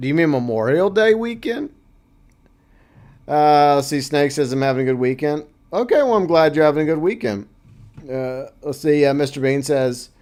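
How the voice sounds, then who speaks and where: A man with a mid-range, darkish voice hosts a casual livestream. He chats loosely, reads viewer comments aloud and tosses in playful asides.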